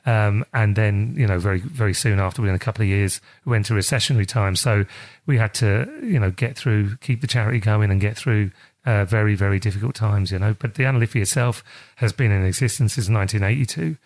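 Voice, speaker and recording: A middle-aged South East London man, head of a charity, talks fast in a darkish voice on the low side. It's a casual interview chat, full of rambling and restarts.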